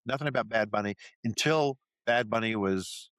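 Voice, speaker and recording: A man's voice: lowish voice, clear, resonant tone, no echo. A man, chatting casually as a podcast co-host and telling stories with lots of restarts and laughs. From Brooklyn, New York. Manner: animated storyteller, quick to laugh, lots of restarts. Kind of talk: casual chat.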